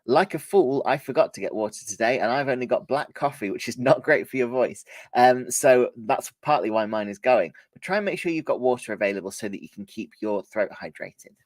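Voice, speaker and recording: A male trainer teaching a workshop, his voice a little hoarse from a cold. He speaks at a middling pitch, keeps the delivery lively with swings in loudness and speed, and the sound is close and dry. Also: fairly quick, hardly any pauses, dry recording. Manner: lively, varies volume and pace to demonstrate. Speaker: presentation skills trainer. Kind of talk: live workshop lesson.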